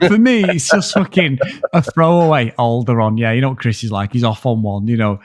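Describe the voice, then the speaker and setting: A man's voice: medium pitch, a little fast. A man co-hosts a casual film review podcast in a mid-range voice. He talks bluntly and rants with plenty of swearing. His voice sounds dry and close, with no room echo. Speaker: podcast co-host reviewing films.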